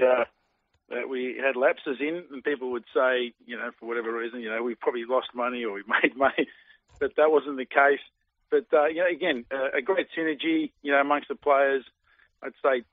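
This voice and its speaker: A man's voice: medium pitch, no echo. An Australian man in his forties, a former footballer, chatting in an interview in a rambling way full of fillers and restarts. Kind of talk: casual interview. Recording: dry tinny phone line.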